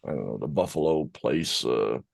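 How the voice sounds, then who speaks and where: Very low-voiced rambling man. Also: expressive, normal speed, vocal fry, a little mellow, breathy edge. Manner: rambling, filler-heavy storytelling. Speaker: podcast co-host, voice actor. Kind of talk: casual group chat.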